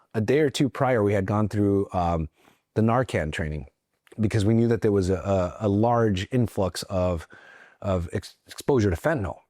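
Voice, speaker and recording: A man from Mexico, a veteran guest in an interview, telling a personal story earnestly, with halting restarts and acted-out quotes. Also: lowish voice, a little mellow, no room sound, clean studio sound. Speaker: guest, veteran and federal agent.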